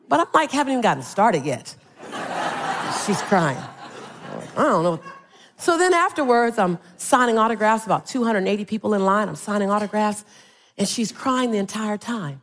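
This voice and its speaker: A woman's voice: medium pitch, expressive, moderate pace. A middle-aged woman speaking on stage to a live audience, telling playful stories and building to rhythmic motivational calls.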